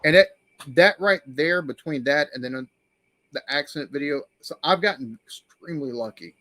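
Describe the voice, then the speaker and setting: A man, hosting a casual live-stream chat, telling stories with animated quoted voices. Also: fairly high pitch, normal speed, no echo. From United States. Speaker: host.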